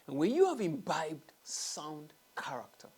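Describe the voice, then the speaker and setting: A man's voice: on the high side, huge pitch swings, unhurried, a little mellow, husky. Emphatic man hosting a talk show. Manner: emphatic, repeats key phrases, drops to a whisper for stress. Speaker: host. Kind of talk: earnest talk-show monologue.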